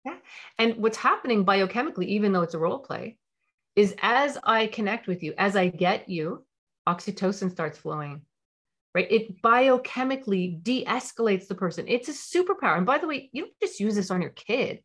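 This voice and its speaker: A woman's voice: mid-range voice, animated, normal speed. A woman parenting coach who explains a technique and repeats her points for stress.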